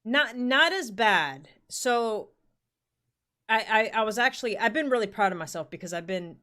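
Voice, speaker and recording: A woman's voice: on the high side, expressive, normal speed, sharp tone. A woman in her forties telling a rambling work story in casual chat, full of fillers and the odd swear word. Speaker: podcast co-host.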